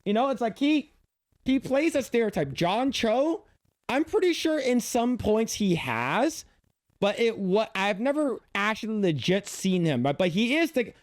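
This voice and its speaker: A man casually reacting to a video as a streamer, rambling and animated, with many restarts. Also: high voice, measured pace, dry recording, studio quality.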